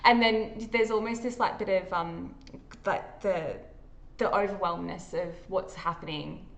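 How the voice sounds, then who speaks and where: A woman with an Australian accent running a tabletop horror game as game master, describing the scene vividly and halting often with fillers. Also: fairly low pitch, steady tone, gravelly.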